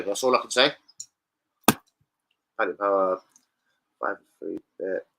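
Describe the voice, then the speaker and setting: A man rambling casually to camera as a football betting vlogger, sweary and excitable. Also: low-pitched, slow, gravelly, long pauses, noisy background.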